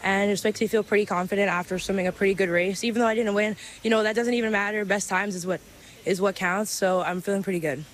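Breathless teenage swimmer from Belize. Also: female voice, mid-range voice, steady tone, fast, a little hiss or hum. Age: late teens. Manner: casual, hesitant with fillers. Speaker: athlete being interviewed. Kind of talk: post-race interview.

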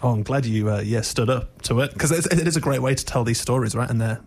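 A man's voice: medium pitch, quick pace, darkish tone. A man interviewing a guest, friendly and a bit stumbling, with many fillers. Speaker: interviewer host. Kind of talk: casual interview chat.

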